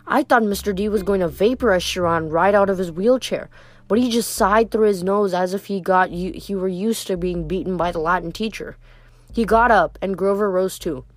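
A woman's voice: mid-range voice, moderate pace, dry recording. A woman reading a novel aloud in a casual, slightly stumbling way. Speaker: reader.

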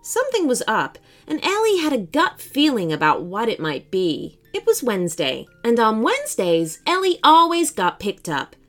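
Animated woman reading a children's story. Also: on the high side, moderate pace, hardly any pauses, faint music behind. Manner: expressive and animated.

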